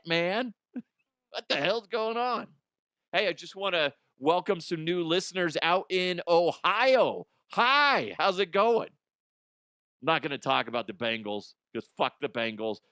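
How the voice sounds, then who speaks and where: A man's voice: mid-range voice, a bit bright, dry recording, clean studio sound. A man hosting a podcast, telling stories in rambling, profane casual chat and often laughing at himself. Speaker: podcast host.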